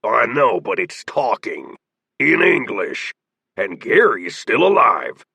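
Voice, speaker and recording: A man voicing a tall bearded gang boss who barks orders and shouts down his crew. The voice is husky and close, with a dry, dead studio sound and lively swings in pitch. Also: takes it slowly, no room sound, exaggerated voice. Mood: commanding. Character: commanding bearded male gang leader, stern.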